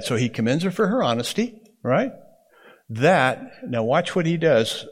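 A man's voice: medium pitch, expressive, unhurried, slightly rough. A man teaching a Bible interpretation class to students in a classroom. He talks conversationally and keeps checking in with "okay?".

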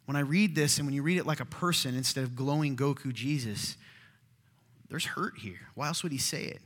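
A male pastor preaching a sermon in a conversational, animated way, sometimes dropping to a hushed voice. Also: mid-range voice, brisk. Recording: long hall reverb.

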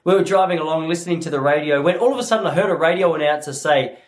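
A man's voice: on the high side, rapid-fire. A young Australian man telling a funny story to his listeners, swearing freely as he goes. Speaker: podcast host. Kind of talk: comedic monologue to listeners.

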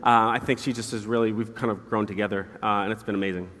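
Low-ish voiced guy telling his story fast, long echo like a big hall. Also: steady tone, fairly bright tone. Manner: quick, earnest, laughs at his own stories. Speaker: guest. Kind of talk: candid storytelling interview. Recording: hall reverb.

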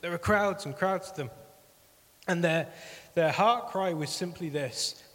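A man's voice: a little high, a little slow, fairly bright tone, long reverb tail. A man giving an earnest sermon appeal as pastor, repeating phrases for emphasis.

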